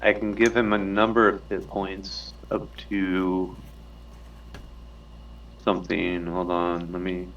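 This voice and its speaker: Low-voiced guy at the game table, unsure, sounds far from the mic and kinda muffled. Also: monotone, slow, pauses often, a bit bright, slight background noise. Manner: hesitant, reads rules aloud. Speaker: player. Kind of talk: casual game table talk. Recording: dull sound from away from the mic.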